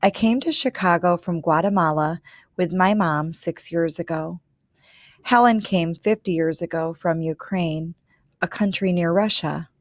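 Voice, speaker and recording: A woman reads a children's picture book aloud in a calm, measured voice, speaking as the young girl who tells the story. Her voice sits on the low side and the recording is dry and close. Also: no room sound. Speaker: reader. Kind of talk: storybook narration.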